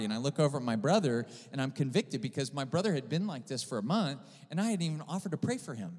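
Pastor preaching in a reverberant hall. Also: male voice, mid-range voice, expressive, fast, few pauses. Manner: storytelling with swings from loud to hushed. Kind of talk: sermon. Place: church sanctuary.

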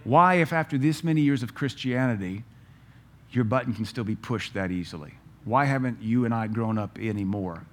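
A man preaching a sermon, firing off rhetorical questions and telling stories with lively energy. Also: mid-range voice, moderate pace, a little hiss or hum. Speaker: pastor.

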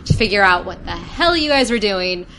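A woman's voice: medium pitch, animated, normal speed, pushed and bright, a little hiss or hum. Woman GM, easygoing, plain explainer, podcast wrap-up chat. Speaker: game master. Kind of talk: post-session chat about a tabletop game.

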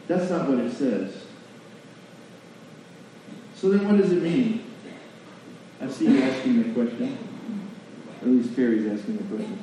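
A man preaching a sermon in a church, folksy and animated, asking the congregation questions. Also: mid-range voice, unhurried, pauses often, slight background noise. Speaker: pastor. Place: church sanctuary. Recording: distant mic in a very echoey hall, lo-fi.

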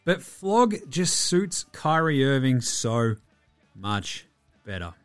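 An Australian man hosting a sports podcast, ranting in a profane, animated, mocking way. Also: medium pitch, slow, clear, resonant tone, soft background music. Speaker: podcast host. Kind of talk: opinionated sports podcast rant.

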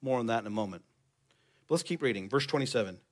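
A man's voice: medium pitch, lively intonation, fast talker. A male pastor preaching a sermon in a church, conversational and joking with the congregation.

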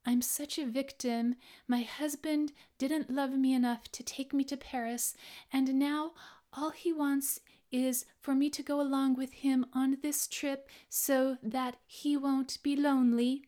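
A woman's voice: high voice, level tone, unhurried, warm tone, voice pushed up. A woman voicing a whiny, self-pitying woman who plays the victim, in a mocking whining tone.

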